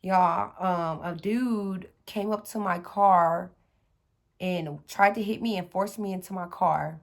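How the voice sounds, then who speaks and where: A woman's voice: on the low side, slow. A woman in her thirties telling a personal story to her viewers in a casual, chatty way, with many fillers and restarts.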